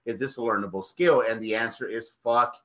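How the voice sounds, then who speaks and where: A man's voice: medium pitch, fairly quick, a bit bright. A man hosting a podcast, hyped and swearing heavily while speaking straight to the listeners. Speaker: podcast host. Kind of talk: podcast conversation.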